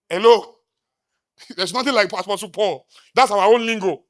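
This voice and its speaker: High-voiced Nigerian man preaching success. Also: brisk, no room sound, clean studio sound. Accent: Nigerian English. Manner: emphatic, with rhetorical questions to the crowd; swings between loud declarations and low asides. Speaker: motivational speaker. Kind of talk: live stage talk to an audience.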